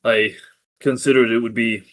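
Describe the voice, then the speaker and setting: A player speaking in character in a tabletop role-play session, measured and formal. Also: medium pitch, flat delivery, fairly bright tone.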